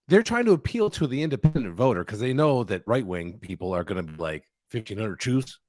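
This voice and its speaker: A man's voice: mid-range voice, sing-song, brisk, darkish tone, dry recording. A man co-hosting a podcast, talking in a blunt, sarcastic way and swearing often in casual discussion. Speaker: podcast co-host.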